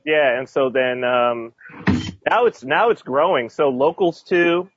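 A man's voice: mid-range voice, measured pace, slightly rough, dry recording, lo-fi sound. A man chatting casually on a podcast, rambling with many restarts and fillers. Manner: rambling, many restarts and fillers, laughs while telling stories. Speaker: expat guest telling stories.

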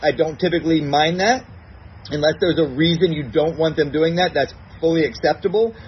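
A fairly high-voiced man walks through a dog training routine step by step, calm and patient. He acts out his commands in a bright, praising tone. The recording is a little dull, with a faint hiss behind him. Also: a little fast. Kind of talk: recorded instructional segment.

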